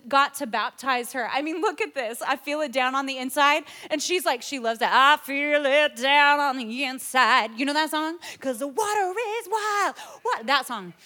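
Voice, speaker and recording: A woman pastor in her forties delivers a sermon to her congregation. Her voice sits high and sounds bright and forceful. She is animated and often breaks into acted-out quotes and laughter. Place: church auditorium.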